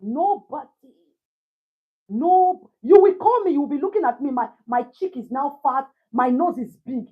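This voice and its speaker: A Nigerian woman in her thirties telling a personal story to a live chat in a casual, animated way, laughing often and slipping into pidgin. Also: high voice, normal speed, phone-quality sound. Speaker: livestream host.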